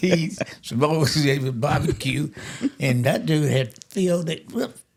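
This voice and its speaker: Gravelly old man telling a story. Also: fairly high pitch, slow. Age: 80s. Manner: animated, laughs through his story, acts out the quotes. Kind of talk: casual storytelling.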